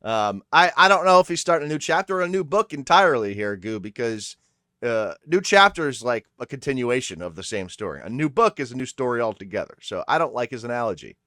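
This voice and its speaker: Male podcast co-host with a mid pitch, opinionated and profane, recorded on a close, dry mic. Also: very animated, fast, pushed and bright, dry recording. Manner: blunt, opinionated, swears freely. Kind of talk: casual movie news chat.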